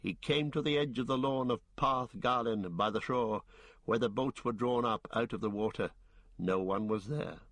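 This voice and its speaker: A man narrating an audiobook in a measured, deliberate way. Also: medium pitch, fairly bright tone, dry recording. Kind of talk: audiobook reading.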